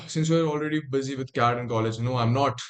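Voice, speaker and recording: A man's voice: mid-range voice, fairly quick. Young Indian man reading aloud on stream. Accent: Indian English. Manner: reads text aloud with muttered asides and restarts. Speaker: livestreamer. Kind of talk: casual livestream, reading aloud.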